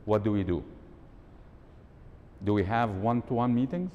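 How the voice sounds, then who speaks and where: A man's voice: a little slow, lo-fi sound. A man giving a live workshop talk, quizzing the audience and demonstrating tones of voice in an event hall. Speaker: workshop speaker. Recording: long hall reverb, faint rumble.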